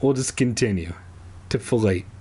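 A man's voice: fairly low pitch, moderate pace, a little mellow, husky. A man reading a children's horror book aloud, breaking off into sarcastic, profane jokes. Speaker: comedic reader. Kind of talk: irreverent book reading with asides.

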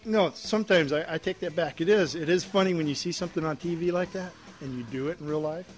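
A man co-hosting a podcast, telling animated stories and bursting into loud impressions. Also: on the high side, fast, faint music behind. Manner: animated anecdotes, shouted impressions. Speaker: podcast co-host. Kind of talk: casual podcast storytelling.

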